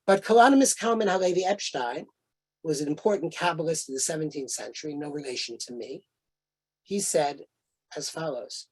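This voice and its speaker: A man lecturing on a video call, telling anecdotes in a relaxed conversational way with frequent fillers and restarts. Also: fairly high pitch, fairly quick, breathy edge. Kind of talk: storytelling lecture.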